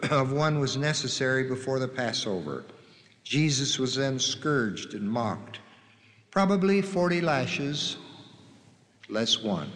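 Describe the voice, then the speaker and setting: A man slowly and solemnly reading scripture passages aloud, naming the gospel after each one, his voice heard from a distance in a reverberant hall. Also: mid-range voice. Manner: slow, measured, solemn reading with drawn-out quotes.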